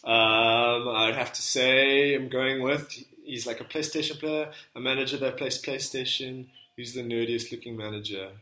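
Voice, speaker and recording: Bright-voiced man in casual podcast banter. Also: medium pitch, steady tone, normal speed, few pauses, echoey room. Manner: bantering, laughs often. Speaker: podcast co-host. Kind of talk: casual quiz chat.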